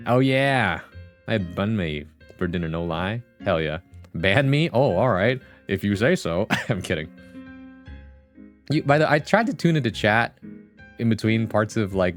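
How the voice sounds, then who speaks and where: Low-voiced man chatting on a livestream. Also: lively intonation, moderate pace, faint music behind. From Vietnamese heritage. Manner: rambling, jokey, laughs often. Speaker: streamer. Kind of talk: casual livestream chat.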